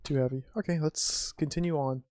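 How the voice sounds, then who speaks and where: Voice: medium pitch, steady tone, darkish tone. A streamer casually commenting on an old adventure game, musing wryly and reading typed commands and game text aloud. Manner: wry, musing, types commands aloud slowly.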